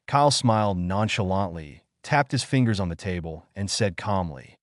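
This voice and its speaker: Low-voiced male audiobook narrator. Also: lively intonation, moderate pace, few pauses, no room sound, clean studio sound. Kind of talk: scripted narration.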